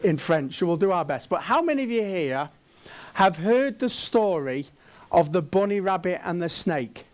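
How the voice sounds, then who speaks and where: A man's voice: sits high, big pitch swings, moderate pace. A man with an English accent giving a conference talk on sales. He keeps asking the audience questions and drops in jokes. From England. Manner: jokey, asks the room questions. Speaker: keynote speaker and sales trainer.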